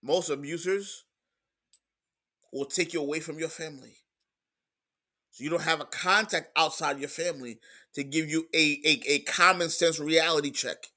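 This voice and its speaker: A man preaching a sermon in an emphatic, repetitive style, moving between quiet stretches and loud outbursts. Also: fairly high pitch, fairly even intonation, normal speed, pauses often. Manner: emphatic preaching, repeats words, swings from soft to loud.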